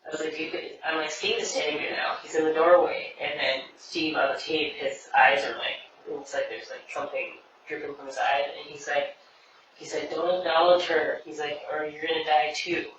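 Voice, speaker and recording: A man's voice: on the high side, flat delivery, moderate pace, sharp tone, a little hiss or hum. A man on a podcast, casually retelling a nightmare in a rambling way, quoting people with lots of "he's like". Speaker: podcast co-host. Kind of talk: casual storytelling. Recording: distant, dull, very echoey room.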